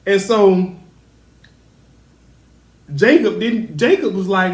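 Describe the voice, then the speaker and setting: A man casually recapping a TV episode, chatty and animated as he acts out the characters' lines. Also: high-pitched, moderate pace. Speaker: show recap host. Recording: echoey room.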